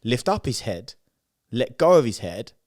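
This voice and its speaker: A man's voice: medium pitch, measured pace, a little hiss or hum. A man with a British accent, co-hosting a podcast and telling a funny story in casual chat, acting out what people said. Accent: British English. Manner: animated storyteller, acts out quotes loudly and laughs. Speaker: podcast co-host.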